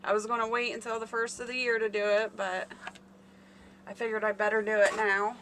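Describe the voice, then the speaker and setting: A woman's voice: medium pitch, level tone, a little fast, fairly bright tone, a little hiss or hum. A woman hosting a casual live stream, rambling and chatting with her viewers by name. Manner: chatty, rambling, talks to chat readers by name.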